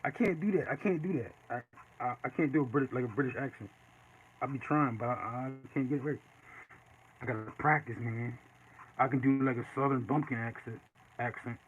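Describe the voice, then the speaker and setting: A man casually chatting while he draws live, reading and answering viewer comments in a relaxed way. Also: mid-range voice, fairly quick, pauses often. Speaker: artist streaming live. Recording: dull lo-fi with faint noise.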